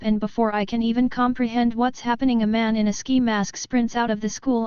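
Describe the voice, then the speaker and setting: A woman reading online stories aloud as the show's narrator, in an even, steady read-aloud delivery. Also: fairly high pitch, clear, resonant tone, dry recording, highs cut off. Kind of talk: scripted story narration.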